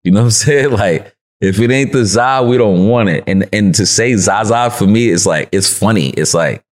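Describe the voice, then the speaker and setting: Deep-voiced New York man, laid-back slang. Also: normal speed. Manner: slangy and laid-back, laughs often, acts out quotes. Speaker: podcast guest. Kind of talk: casual interview storytelling.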